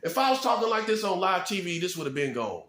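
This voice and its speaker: High-voiced man preaching in an echoey room. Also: sing-song, fairly bright tone. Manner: rhetorical, fast-talking, punctuates points with "boom"; chuckles at his own points. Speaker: self-styled prophet. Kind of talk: preaching monologue to camera. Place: apartment room.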